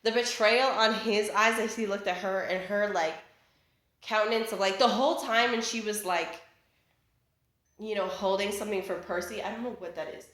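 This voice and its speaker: In an echoey living room, a young woman vlogs a casual rant at a moderate pace, her mid-range voice fairly bright with fairly even intonation. She rambles, cuts herself off, and leans heavily on fillers and restarts.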